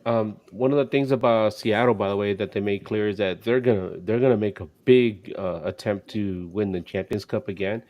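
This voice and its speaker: Casual sports podcast co-host, male, low voice, loose rambling delivery with lots of fillers. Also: moderate pace, few pauses, dull audio. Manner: rambling, many restarts and fillers.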